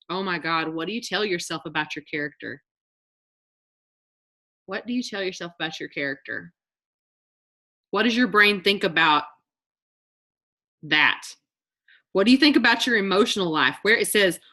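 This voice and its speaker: A woman leads a motivational workshop over a video call, her voice bright and forward. She talks in an animated way and slips into mock voices to act out everyday complaints. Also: mid-range voice. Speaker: motivational speaker. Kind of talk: live online workshop talk.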